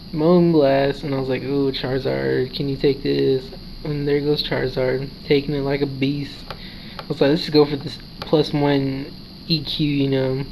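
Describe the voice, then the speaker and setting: A man's voice: mid-range voice, creaky, a little mellow, a little hiss or hum, poor audio. A man casually narrating his own game match, sleepy and yawning, retelling his reactions in a chatty way. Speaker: gaming video creator. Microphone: handheld console recording.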